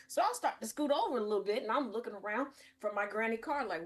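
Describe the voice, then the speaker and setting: A woman from Cincinnati, hosting a podcast and telling a comic story in an animated way, laughing often. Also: on the high side, fast talker, few pauses. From Cincinnati, Ohio. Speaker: podcast host. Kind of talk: comedic casual storytelling.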